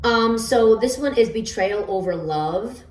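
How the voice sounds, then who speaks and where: A woman's voice: on the high side, animated, a little slow. A woman casually explaining her homemade oracle cards, rambling with fillers and stammered restarts. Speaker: oracle card reader. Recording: roomy echo, distant from the mic.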